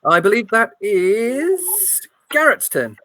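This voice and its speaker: A woman game master narrating a tabletop game, her voice fairly high and her delivery playful and descriptive. She stumbles now and then and restarts. The recording is dry and close. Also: sing-song, slow pace, fairly bright tone, no echo.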